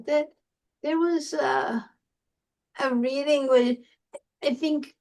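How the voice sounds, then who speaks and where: A shy poet guest answers an interview question, her voice a little high and her delivery slow. She speaks softly and hesitantly, pausing as she gathers her thoughts. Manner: soft-spoken, hesitant, shy.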